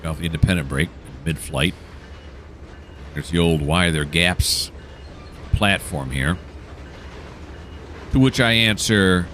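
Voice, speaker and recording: A gameplay commentator with a deep, fairly bright voice speaks slowly and pauses often, with slight background noise. Playing a train simulator game, he rambles casually, joking and poking fun at himself.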